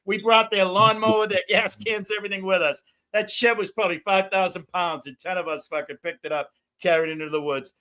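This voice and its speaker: Excitable, loud middle-aged man with a high, bright voice, hosting a rambling stream. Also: a little fast, few pauses. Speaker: livestream host. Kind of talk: rambling casual chat. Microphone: no headphones.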